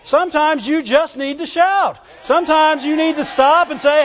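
A man preaching a sermon in a church, emphatic and often shouting, calling out to the congregation for responses. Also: extremely high pitch, normal speed, hardly any pauses, a faint crowd. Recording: dull sound with long reverb in a large room.

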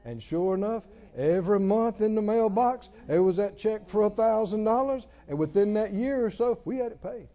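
Man, pastor, sermon, high voice, lively pitch, mellow tone, muffled recording. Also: moderate pace, few pauses. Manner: emphatic preaching, rising to loud exclamations.

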